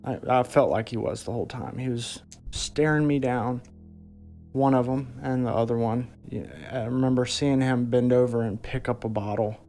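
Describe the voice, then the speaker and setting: Gravelly-voiced man, halting testimony. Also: mid-range voice, steady tone, a little mellow, faint music behind. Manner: halting, hesitant, with frequent restarts. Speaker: interviewee recounting an encounter. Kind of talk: documentary interview testimony.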